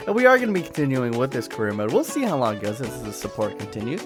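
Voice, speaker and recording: A man giving casual, excitable commentary on his own gameplay, swinging between low mutters and high yelps. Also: fast talker, hardly any pauses. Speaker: gaming video host. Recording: background music under the voice.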